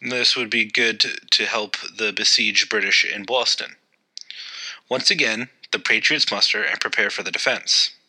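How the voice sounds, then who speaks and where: A man's voice: fairly low pitch, moderate pace, pushed and bright, poor audio. A man hosting a history podcast, narrating events in a loose, conversational way with occasional fillers. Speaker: podcast host.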